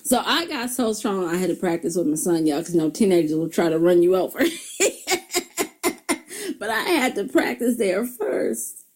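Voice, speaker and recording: Middle-aged woman host giving upbeat self-help advice to viewers, quick to laugh. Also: fairly low pitch. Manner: animated storyteller, laughs often, addresses viewers as y'all. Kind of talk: motivational talk.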